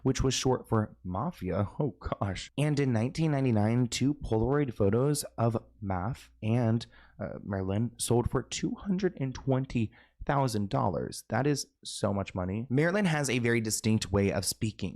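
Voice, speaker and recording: A man narrating a video in a casual, chatty way, talking quickly with offhand asides. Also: mid-range voice, animated, a little mellow.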